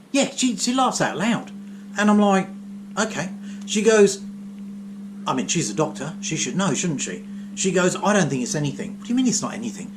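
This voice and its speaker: A middle-aged man spins a comic story in a casual monologue, wry and chatty, tossing in asides as he goes. His voice sits a bit high for a man and swings widely up and down. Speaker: vlogger.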